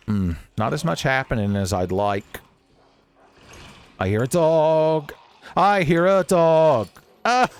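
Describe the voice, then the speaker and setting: A man with a drawl doing playful, jokey commentary over a horror game, swinging from low mutters to high excited yelps. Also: clear, resonant tone. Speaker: let's play host.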